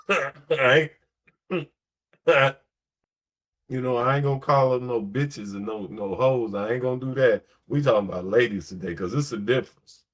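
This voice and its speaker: A man's voice: medium pitch, normal speed, fairly bright tone. A man talking on a late-night podcast in a blunt, slangy, emphatic way, telling stories and giving opinions. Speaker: podcast host.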